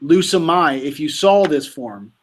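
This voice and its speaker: A man's voice: on the high side, expressive, a little slow, slight background noise. A man tutoring students in Greek grammar, patient and quizzing them on verb forms. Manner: patient, quizzing, says "you tell me". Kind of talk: casual tutoring session.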